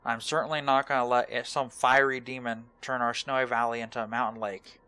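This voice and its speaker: Stern dwarf quest-giver from a fantasy game, gruff and bright-toned, put on by a man in a strained dwarven accent. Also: mid-range voice, level tone, a little fast, dry recording, natural voice.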